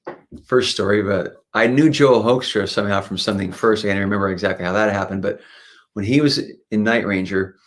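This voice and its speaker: A man, a guest musician, telling stories in a casual interview, rambling with frequent restarts and fillers. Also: lowish voice. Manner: lively when retelling anecdotes. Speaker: guest musician, singer and guitarist.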